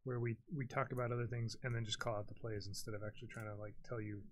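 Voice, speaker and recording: A chatty young man commentating on a card game stream, easygoing and quick to laugh. He drifts between small talk and calling out the plays. His voice sits at an ordinary middle pitch. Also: level tone, slight background noise.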